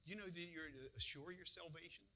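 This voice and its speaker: A man's voice: a little high, a little fast, background noise. A man preaching a conversational sermon as a church pastor, full of rhetorical questions.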